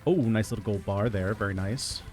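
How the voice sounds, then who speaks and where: A man giving casual gameplay commentary, reading out item picks in a relaxed running patter. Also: fairly low pitch, brisk, faint music behind. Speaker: gaming video creator.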